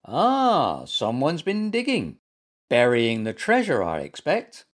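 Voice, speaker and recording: A man's voice: medium pitch, wildly swooping pitch, slow pace, heavily acted. A man voicing a proud, polite little male teddy bear in a storybook. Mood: cheerful.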